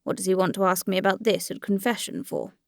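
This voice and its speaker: A woman reading the part of a troubled young man full of doubt, speaking haltingly and uneasily. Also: mid-range voice, animated, creaky, no echo, clean studio sound. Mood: uneasy. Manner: halting, uneasy inner speech.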